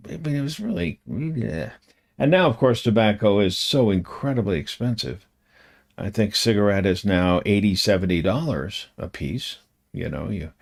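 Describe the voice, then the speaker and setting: A man's voice: lowish voice, darkish tone. An older man talking to his camera at home in a chatty, meandering, self-deprecating way, with chuckling asides. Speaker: vlogger. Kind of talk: rambling casual monologue.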